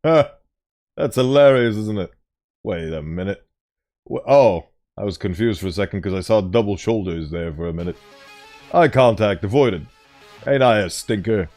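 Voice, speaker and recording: Playful animated male streamer. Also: low-pitched, moderate pace, faint music behind. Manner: playful, animated, self-correcting. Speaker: streamer reading stories. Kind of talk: live-stream reading and chat.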